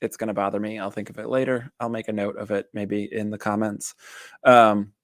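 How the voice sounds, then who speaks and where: A rather low-pitched man talks through a casual show review in a loose, rambling way, full of fillers and restarts. His voice is recorded close and dry, with no room sound around it. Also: little pitch movement, a little fast, a bit bright, dry recording. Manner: rambling, filler-heavy, self-interrupting. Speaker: therapist reviewing a TV series.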